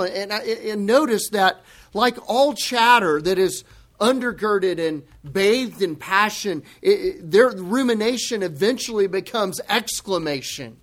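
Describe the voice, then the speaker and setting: A man delivers a sermon at an unhurried, measured pace. His voice sits high for a man. He leans on words for emphasis and bursts into dramatic exclamations. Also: a bit bright. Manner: slow, deliberate emphasis. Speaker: pastor.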